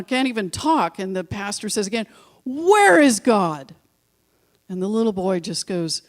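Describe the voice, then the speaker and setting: A woman minister giving a sermon in a church, telling stories with slow, emphatic repetitions and chatty asides to her congregation. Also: medium pitch. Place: church sanctuary.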